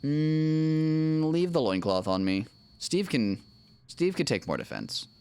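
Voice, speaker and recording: A man with a lowish, smooth, resonant voice talks through a video game on a livestream. He is playful and lively, swooping up and down as he narrates his moves and hums goofy little tunes. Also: normal speed. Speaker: streamer playing a game with his wife. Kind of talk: casual livestream gaming commentary.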